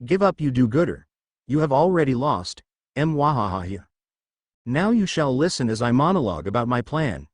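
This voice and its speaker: A man's voice: medium pitch, sing-song, a little fast, no echo. A man voicing an earnest young male student hamming it up as a gloating cartoon villain with theatrical gasps.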